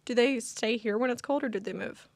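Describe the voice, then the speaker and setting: A woman's voice: on the high side, a little fast, dry recording. A young woman, co-hosting a casual chat and talking with lots of fillers. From United States. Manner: chatty, lots of fillers and laughter. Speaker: co-host.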